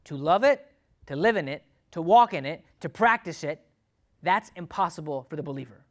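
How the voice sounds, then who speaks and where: Preaching to his church, this male pastor alternates between loud, urgent appeals and hushed, earnest asides in a low voice. His delivery is animated and his speed is normal.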